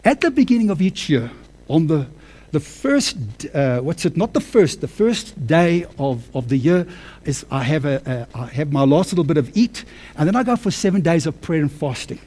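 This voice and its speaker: A man preaching a sermon with personal testimony, calling listeners friends and child of God, moving from quiet storytelling to fervent shouting. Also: on the high side, expressive, moderate pace. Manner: swings from hushed to shouting with passion.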